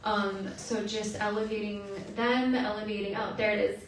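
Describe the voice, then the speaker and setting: A woman's voice: mid-range voice, slight background noise. A young woman with a Californian accent, raised speaking Chamorro, answering candidly as a panelist in an indoor theatre. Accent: Californian American. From Northern Mariana Islands. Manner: candid, reflective, quick with fillers. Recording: echoey theatre from far off.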